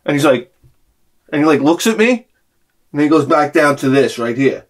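Loud, ranting man with a lively voice. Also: a little high, moderate pace. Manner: swings from mutters to loud shouted outbursts; profane and sarcastic. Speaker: vlogger. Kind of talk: rambling comic rant to camera.

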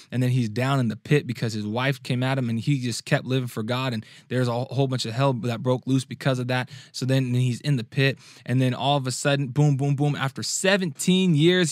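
A young man giving a casual sermon-style talk as a podcast host. He talks conversationally, restarts his phrases often, and acts out quotes in a higher voice. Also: no room sound, clean studio sound. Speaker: youth preacher and podcast host.

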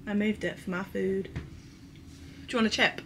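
A bubbly, chatty lifestyle vlogger in her 20s talks casually to the camera, swearing now and then, at medium pitch with fairly even intonation and normal speed. She's in a roomy hotel room with the mic slightly distant, and there's background noise.

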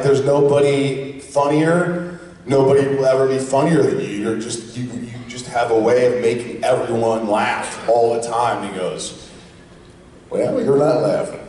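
Hoarse male panelist, jokey raconteur, recorded far off in a reverberant hall. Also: mid-range voice, slight background noise. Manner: joking, loud bursts of impressions. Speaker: actor on a convention panel. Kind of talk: animated storytelling to a fan audience. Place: large convention hall. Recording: distant, echoey convention hall.

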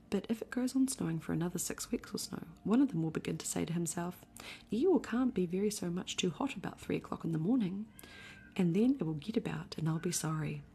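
A woman's voice: lowish voice, vocal fry. Eeyore, a gloomy donkey, whispered by a woman. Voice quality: soft whispery delivery. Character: gloomy melancholy old male donkey. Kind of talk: whispered role-play.

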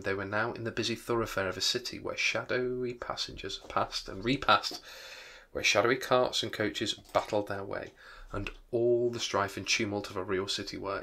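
A man's voice: lowish voice, gravelly, sharp tone. A man teaching English literature, reading a novel aloud and breaking off for rambling, apologetic asides. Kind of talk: reading aloud with revision commentary.

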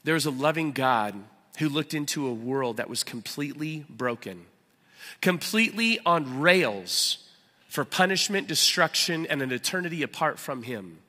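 A man preaching a sermon as pastor, animated and emphatic, with loud acted outbursts and a hushed, prayerful close. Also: a little high, unhurried. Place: church sanctuary. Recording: church hall with long reverb.

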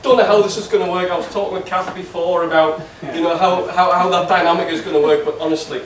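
A man giving a wedding speech, teasing and halting with many ums and restarts. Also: sits high, steady tone. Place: wedding reception hall. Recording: echoey hall, distant mic, laughing crowd. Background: guests laughing.

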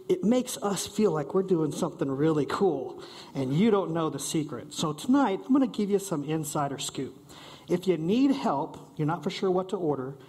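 A man giving a playful, animated short talk on stage to a live audience, acting out quick voices of diners and servers. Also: high voice, husky. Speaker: speaker at a short-talk event.

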